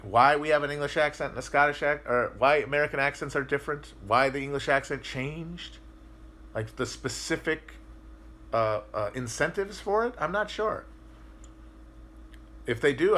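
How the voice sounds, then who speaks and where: A man's voice: on the high side, bright, forceful tone. A man hosting a podcast livestream, chatting casually and answering viewer comments, rambling and swearing as he thinks aloud with frequent restarts. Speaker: podcast host.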